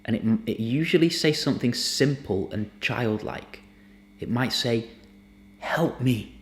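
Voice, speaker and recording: A man teaching somatic emotional release in a gentle, earnest, unhurried way, sometimes dropping almost to a whisper. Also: medium pitch, expressive, slight background noise. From United Kingdom. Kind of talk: reflective spoken teaching to camera.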